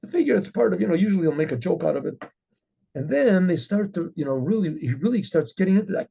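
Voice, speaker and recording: Husky, gravelly high-voiced man telling a story. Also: lively intonation, fast, a little mellow, lo-fi sound. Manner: rambling, with many fillers and frequent throat clearing. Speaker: rabbi. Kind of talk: storytelling talk.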